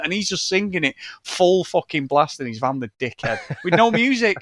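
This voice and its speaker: A man's voice: fairly high pitch, fairly quick, few pauses. A man co-hosting a podcast, chatting casually, swearing often and laughing while telling stories. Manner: sweary, laughing, animated storyteller. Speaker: podcast co-host. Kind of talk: casual chat.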